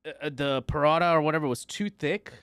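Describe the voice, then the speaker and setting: A man hosting a casual podcast, chatty and quick to restart his sentences. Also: a little high, steady tone, fairly bright tone, clean tone, no echo, studio quality. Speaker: podcast host.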